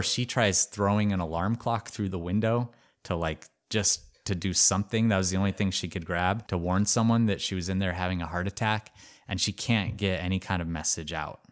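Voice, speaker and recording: A man co-hosting a podcast, telling a story in a casual, animated way with lots of "like" fillers. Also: deep voice. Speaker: podcast co-host.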